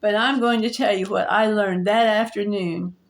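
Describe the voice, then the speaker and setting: A woman vlogger telling a personal story in a halting way, with restarts and soft laughs. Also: mid-range voice, fairly even intonation.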